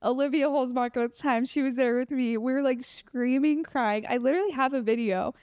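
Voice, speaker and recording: A young woman from Colorado co-hosting a podcast in casual chat, animated and laughing often. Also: sits high, fairly quick, smooth, dry recording. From Colorado, USA. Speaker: podcast co-host.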